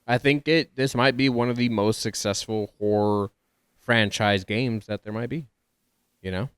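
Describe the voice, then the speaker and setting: A man's voice: lowish voice, normal speed, fairly bright tone, clear, resonant tone, no echo. A man from Texas with a Texas accent, co-hosting a casual podcast and talking animatedly, often tripping over his words. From Dallas, Texas. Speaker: podcast co-host. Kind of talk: casual chat.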